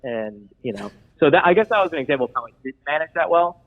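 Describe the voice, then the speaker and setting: A man's voice: fairly high pitch, expressive, fast. A man playing an eager, earnest job applicant in an improvised comedy bit, rambling as he talks. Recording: tinny phone-like line.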